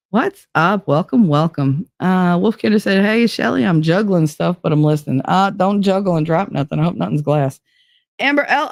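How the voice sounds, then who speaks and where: Blunt, profane woman streamer. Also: dry recording. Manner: blunt and profane, with big swings in pitch. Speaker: live-stream host. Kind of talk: casual live-stream chat, reading out viewer comments.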